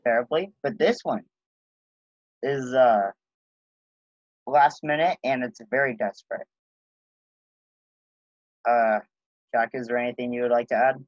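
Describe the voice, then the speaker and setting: A man's voice: medium pitch, a little slow, long pauses, no room sound. A young man co-hosting a casual podcast, talking hesitantly with many fillers. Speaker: podcast co-host. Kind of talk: casual chat. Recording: dull lo-fi recording.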